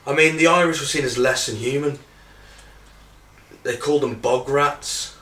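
A man's voice: mid-range voice, moderate pace, pushed and bright, far from the mic. A man co-hosting a casual podcast, chiming in with facts and figures. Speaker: podcast co-host. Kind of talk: casual chat. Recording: roomy, a little off-mic.

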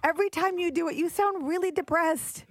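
A woman's voice: extremely high pitch, fairly quick. A woman co-hosting a radio show, joking along with giggly, wry remarks. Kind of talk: casual radio banter. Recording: loud background noise.

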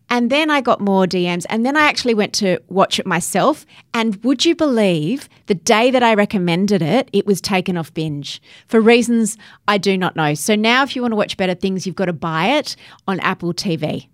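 A woman's voice: medium pitch, lively intonation, normal speed, no echo, clean studio sound. A woman co-hosting a chat, breezily telling stories and giving recommendations. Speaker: podcast co-host. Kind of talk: casual panel chat.

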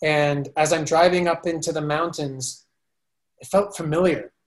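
A man speaks as a podcast guest, retelling his experiences in a lively, animated way. His voice sits a bit higher than most men's. He talks casually and often stops to restart a phrase. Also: measured pace. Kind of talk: casual storytelling interview.

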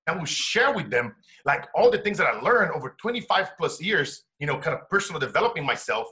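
A man from Brazil, an interview guest and coach telling his life story with animated shifts between hushed tones and loud laughing bursts. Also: on the high side, a little fast. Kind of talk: emotional storytelling in conversation.

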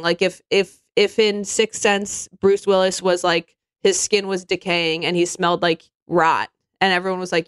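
A woman's voice: mid-range voice, clear, resonant tone, dry recording. A woman chatting casually as a podcast co-host, sarcastic, acting out the people she quotes in mocking voices. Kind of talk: casual comedic chat.

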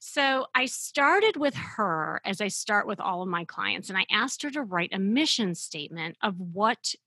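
A middle-aged woman hosting a podcast, telling a client story as an animated, emphatic storyteller. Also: mid-range voice, unhurried, slightly rough, no echo. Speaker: podcast host and dating coach.

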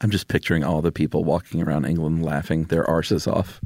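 Give me a deep-voiced man chatting and laughing on a podcast. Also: little pitch movement, fairly quick, vocal fry, darkish tone, dry recording. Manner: laid-back, laughs often, teasing. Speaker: podcast co-host. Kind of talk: casual chat.

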